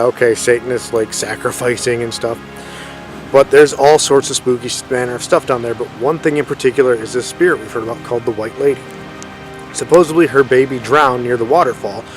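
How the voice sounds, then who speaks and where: A man in his thirties telling a ghost story in a casual, rambling way outdoors in a forest, often correcting himself and using lots of fillers. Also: mid-range voice. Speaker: paranormal storyteller vlogger.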